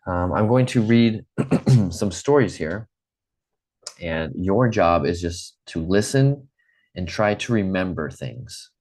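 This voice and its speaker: Deep-voiced American man teaching English online. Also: expressive, slow, a little mellow. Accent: General American. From Midwest United States. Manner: encouraging, repeats phrases, frequent ums.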